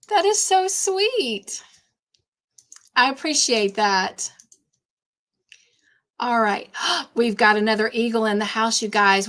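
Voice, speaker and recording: A woman hosting a casual live stream, warmly greeting chat viewers by name and chatting between tasks. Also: mid-range voice. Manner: warm, effusive greetings to chat viewers, easily sidetracked. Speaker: livestream host.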